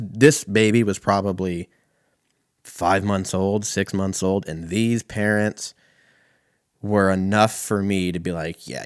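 A young man from California telling a profane, animated stand-up story. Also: on the low side, no echo, studio quality. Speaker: comedian.

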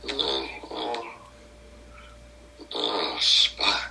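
A man on a call with the podcast host, his partner, chatting casually in a slow, laid-back way. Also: mid-range voice, very animated, gravelly, sharp tone, a little hiss or hum. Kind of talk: casual chat.

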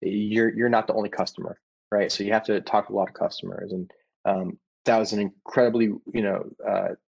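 Man, 30s, founder in casual interview; husky low voice, lively with quoted asides. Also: fairly quick, muffled recording. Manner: animated, acts out quoted customers with restarts. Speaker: startup founder.

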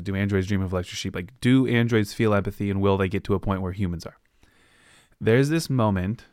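A fairly low-pitched man talks through a novel's plot on his podcast, rambling and tossing in quick quoted asides. The sound is dry and close, with no room around him. It comes across as relaxed recap chatter from home. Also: dry recording. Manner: rambling, retells scenes with loose quoted asides. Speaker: podcast host. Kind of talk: casual book recap.

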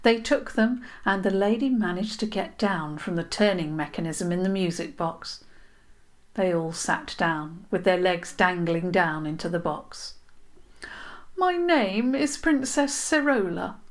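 Slow gentle woman storyteller. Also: on the low side, fairly even intonation. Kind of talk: children's story narration.

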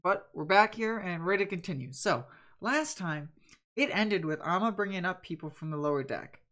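A woman's voice: lowish voice, lively intonation, moderate pace, fairly bright tone. A young woman running a tabletop role-play as game master, chatty and full of fillers.

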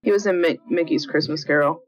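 A woman's voice: low-pitched, brisk, breathy edge. A woman co-hosting a podcast, making wry, teasing remarks while watching a movie. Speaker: podcast co-host. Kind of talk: casual movie-watch commentary. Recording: dull lo-fi sound.

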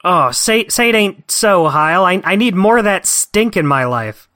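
A man's voice: high-pitched, animated, normal speed, sharp tone. A man co-hosting a casual podcast chat, tossing in jokey, mock-dramatic asides. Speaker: podcast co-host.

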